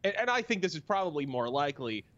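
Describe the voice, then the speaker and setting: A man's voice: a little high, very animated, quick pace, fairly bright tone, muffled recording. A man appearing as a guest on a comedic podcast, ranting in sardonic quips. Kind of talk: casual comedic chat.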